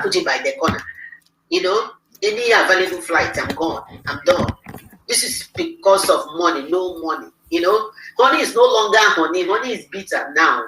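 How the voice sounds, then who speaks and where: A woman hosting a livestream interview, excitable and rallying her audience. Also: lowish voice, slight background noise. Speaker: host. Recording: echoey room, mic far off.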